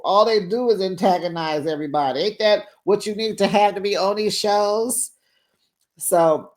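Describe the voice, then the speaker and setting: Sassy, gossipy woman recapping reality TV. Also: fairly low pitch. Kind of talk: casual chatty recap commentary.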